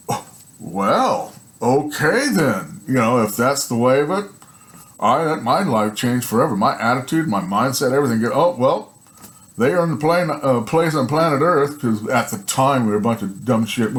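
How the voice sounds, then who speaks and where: A man casually telling a personal story in a rambling, animated way, swearing, often laughing, and checking in with "right?" and "you know". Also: medium pitch.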